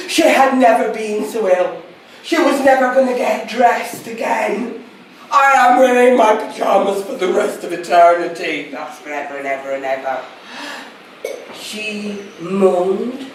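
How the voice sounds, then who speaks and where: A woman's voice: medium pitch, fairly bright tone. Playful Scottish woman telling a fairy tale. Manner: playful, chatty, addresses listeners directly. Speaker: storyteller. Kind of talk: live oral storytelling to an audience. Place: museum hall. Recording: echoey hall, mic far off, faint noise.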